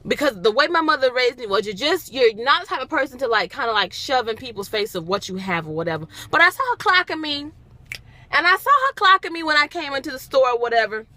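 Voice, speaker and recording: A young woman tells a story to her phone camera in a bright, sharp voice that swoops high and low. She talks in a casual, dramatic way, repeating lines for emphasis. Her voice sits fairly high. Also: lively intonation, brisk, no room sound. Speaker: vlogger.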